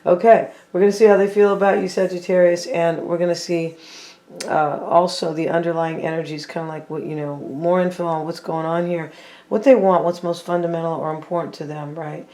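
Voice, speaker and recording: A tarot reader talking casually to viewers while laying out cards, thinking out loud and often saying what they feel, with playful teasing asides. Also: medium pitch, steady tone, fairly quick. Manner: chatty, thinking aloud, repeats and hedges with "I feel like".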